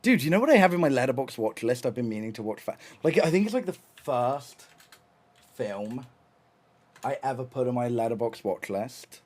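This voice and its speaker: A young man chats casually on a live stream, excitable and rambling, often swearing and restarting sentences. His voice is medium in pitch, and he talks at a normal speed.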